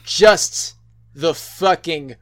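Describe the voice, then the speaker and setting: A man's voice: a little high, drawn-out words. A man co-hosting a casual podcast, rambling with many restarts and fillers and swearing freely. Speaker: podcast co-host. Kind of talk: casual chat.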